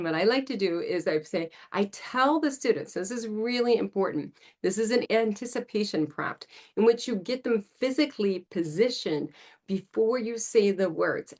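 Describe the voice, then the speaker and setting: A woman's voice: medium pitch, darkish tone. A woman speech-language pathologist hosting an instructional podcast, explaining techniques in an upbeat way and speaking directly to listeners.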